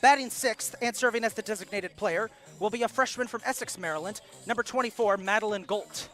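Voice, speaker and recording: High, bright-voiced male announcer. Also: soft background music. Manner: steady announcer delivery, quick self-corrections. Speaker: play-by-play announcer. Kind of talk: live sports broadcast, reading lineups. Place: college softball field broadcast booth.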